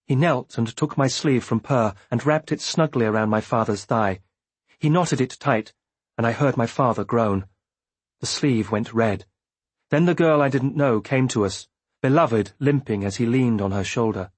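A male audiobook narrator reading in a measured first-person voice. His tone is husky and slightly breathy, with a mid-range pitch. The recording is dry and close. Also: no echo. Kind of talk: scripted narration.

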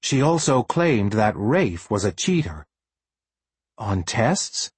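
A man reading a storybook aloud as an audiobook narrator with expressive storytelling. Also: fairly low pitch, unhurried, breathy edge, dry recording. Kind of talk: scripted narration.

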